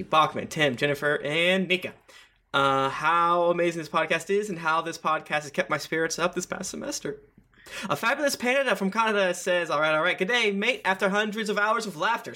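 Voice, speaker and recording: A man's voice: fairly high pitch, sharp tone. A man hosting a tabletop game podcast, reading listener reviews aloud in a playful way with jokey asides. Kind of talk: casual chat among tabletop game players.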